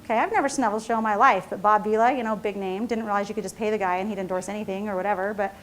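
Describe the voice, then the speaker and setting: A woman's voice: medium pitch, fairly even intonation, racing. A middle-aged woman, an entrepreneur, telling a chatty, self-mocking story at a seminar, laughing often and tossing in "right?". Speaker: entrepreneur and CEO giving a seminar talk. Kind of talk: storytelling keynote talk.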